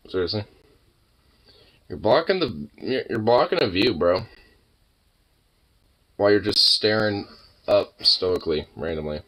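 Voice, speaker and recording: Man baby-talking his dog, swinging pitch. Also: animated, measured pace, pauses often, a bit bright. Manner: teasing baby talk with swearing. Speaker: pet owner vlogger. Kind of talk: casual talk to a pet dog.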